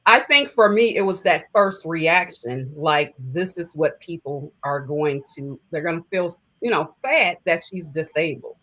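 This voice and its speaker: A woman's voice: deep voice, lively intonation, a little slow, hardly any pauses, a bit bright, poor audio. A middle-aged woman telling a personal story as an interview guest, conversational and emotional, with many fillers.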